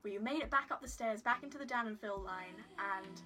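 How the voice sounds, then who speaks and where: Bright-voiced giggly woman vlogger. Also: mid-range voice, fairly quick, soft background music. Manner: giggly, rambling, self-deprecating, lots of "like". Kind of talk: casual storytelling vlog. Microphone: phone camera.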